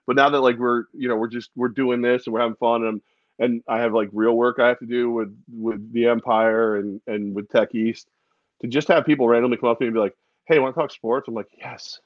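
A man's voice: mid-range voice, fast, dry recording. Laughing storyteller man, dry dull sound. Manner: animated storyteller, laughs a lot. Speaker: co-host of a sports podcast. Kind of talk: casual sports chat.

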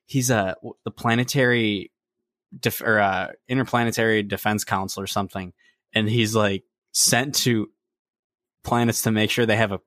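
A man co-hosting a podcast in casual chat, animated and slipping into high mocking voices when he quotes people. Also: moderate pace, no room sound, clean studio sound. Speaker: podcast co-host.

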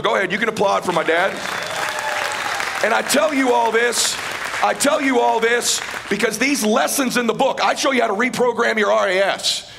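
Impassioned middle-aged man, gravelly. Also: high-pitched. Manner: impassioned, swings from shouting to hushed. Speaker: motivational speaker. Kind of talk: live motivational speech. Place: stage at a live event.

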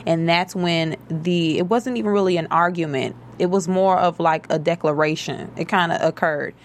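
A woman's voice: on the low side, moderate pace. Earnest woman retelling a scene. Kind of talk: casual recap chat.

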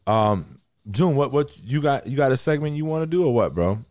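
Teasing man with a lively voice. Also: medium pitch, brisk, a little hiss or hum. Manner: teasing, laid-back slang. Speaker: podcast host. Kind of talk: casual sports chat.

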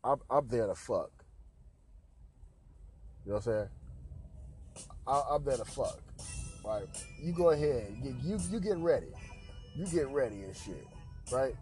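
A man's voice: mid-range voice, expressive, a little slow, long pauses, darkish tone, faint music behind. A man hosting a podcast, telling a crude anecdote in a profane, slangy way with lots of repeated filler tags. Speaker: podcast host.

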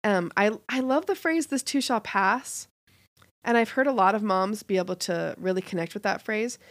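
A woman's voice: mid-range voice, fairly quick, no room sound, studio quality. A woman co-hosting a parenting podcast, speaking in an earnest, reflective way. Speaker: podcast co-host. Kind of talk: casual chat.

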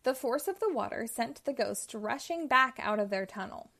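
A woman reading a children's storybook aloud, with expressive voices for the characters. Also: a little high, moderate pace, gravelly. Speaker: storybook reader.

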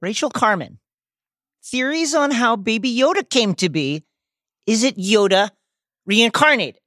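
A podcast co-host making wry, deadpan jokes in casual chat. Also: male voice, very high-pitched, unhurried, no echo, studio quality.

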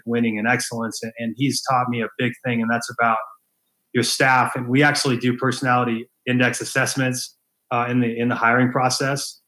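A man's voice: medium pitch, a bit bright, rough recording. Man, head coach, interview guest, earnest, repeats words for emphasis. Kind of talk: casual interview talk.

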